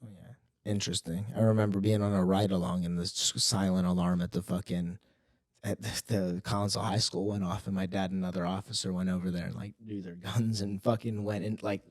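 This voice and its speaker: A man's voice: low-pitched, flat delivery, a little fast. A young man co-hosting a podcast, telling stories in a loose, profane, rambling way. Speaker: podcast co-host. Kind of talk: casual chat.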